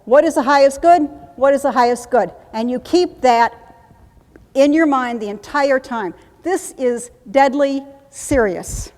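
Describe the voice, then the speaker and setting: A woman giving a live training demonstration at a conference, coaching in a brisk, commanding way with chanted repetitions. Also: high voice, darkish tone. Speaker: workshop presenter. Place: conference room. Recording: long hall reverb.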